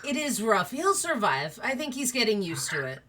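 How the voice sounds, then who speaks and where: A woman running a tabletop game as game master, narrating and voicing characters in a warm, motherly way. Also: a little high, very animated, normal speed, background noise.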